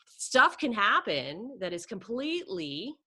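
A woman's voice: a little high, slow pace, slightly rough. A middle-aged woman chatting casually and animatedly, often acting out her own inner voice. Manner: animated, lots of "like" and quoted self-talk. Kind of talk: casual conversation.

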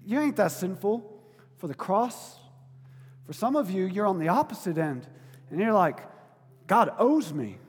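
High-voiced man preaching in a hall. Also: sing-song, moderate pace, long pauses, slightly rough. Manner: conversational preaching that swings between quiet and loud. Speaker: pastor. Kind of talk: sermon.

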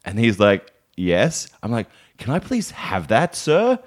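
Animated Australian comedian telling a story. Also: male voice, a little slow. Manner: animated storyteller, swears freely, jumps into high put-on voices. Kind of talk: casual comedic chat, acting out imagined conversations.

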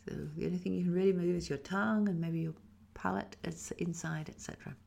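Woman voice coach, low-ish gravelly husky voice, calm step by step instructions. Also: fast. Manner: calm, instructive, demonstrates sounds. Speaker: voice teacher. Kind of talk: guided voice exercise.

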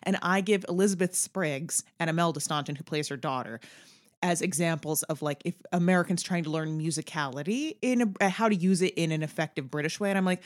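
A woman's voice: sits low, a little fast. A woman co-hosting a podcast, talking through a film in a casual, analytical way with lots of "like". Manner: animated, analytical, frequent "like". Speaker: podcast co-host.

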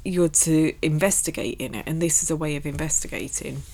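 A woman co-hosts a casual faith chat, chiming in with teasing remarks and short agreements. Her voice is fairly low. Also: steady tone, darkish tone. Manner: teasing, quick interjections. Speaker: podcast co-host.

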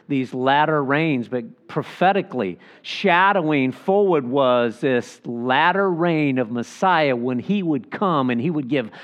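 A man who is a pastor, explaining a Bible chapter and stopping now and then to picture the scene aloud. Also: medium pitch. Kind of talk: expository Bible teaching.

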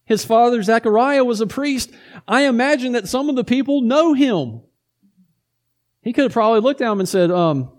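A man preaching a sermon in a conversational, storytelling way, with lively asides to his listeners. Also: very high-pitched, moderate pace.

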